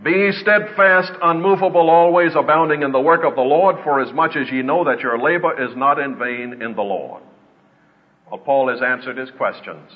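A man preaching a sermon in an earnest way, slowing down to stress his points. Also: mid-range voice. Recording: dull lo-fi with long reverb.

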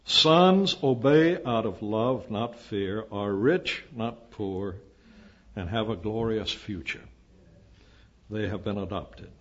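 Older guy preaching a sermon, low husky voice, gets loud and emphatic, dull lo-fi recording. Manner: emphatic, rising to loud declamation.

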